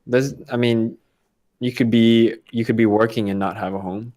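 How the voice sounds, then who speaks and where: A man's voice: medium pitch, fairly even intonation, moderate pace, a little mellow. A young man co-hosting a podcast, answering hesitantly and trailing off in casual chat. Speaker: podcast co-host.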